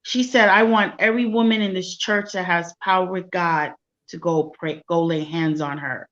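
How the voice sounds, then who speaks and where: A woman guest recounting a personal story in an interview, speaking quietly and softly. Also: fairly low pitch, fairly even intonation, moderate pace, muffled recording. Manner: soft-spoken, quiet storytelling.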